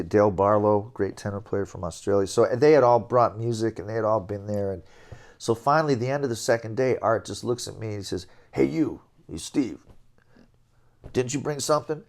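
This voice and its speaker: A middle-aged jazz trombonist, speaking as an interview guest in a fairly low voice, shares career stories in a relaxed, animated way. He chuckles now and then and scats melodies while telling his anecdotes.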